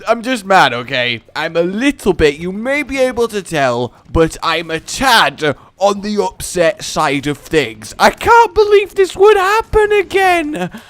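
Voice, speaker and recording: A man giving let's play commentary, exasperated and given to sudden shouts and fits of laughter. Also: sits high, big pitch swings, a little slow, no echo. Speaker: gaming commentator.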